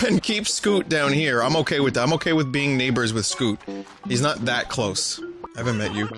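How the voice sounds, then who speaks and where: A man doing let's-play commentary, sarcastic and rambling with plenty of swearing. His voice sits at an ordinary middle pitch, with cheerful game music clearly running underneath. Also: normal speed. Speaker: streamer.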